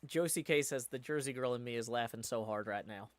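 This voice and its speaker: A man's voice: medium pitch, brisk. A man chatting casually on a live stream, reading viewer comments aloud and answering them in a rambling way.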